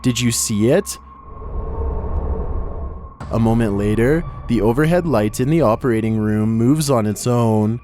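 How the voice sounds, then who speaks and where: A man giving scripted narration for a horror countdown video, with measured, wry commentary. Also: medium pitch, dark tone. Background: background music.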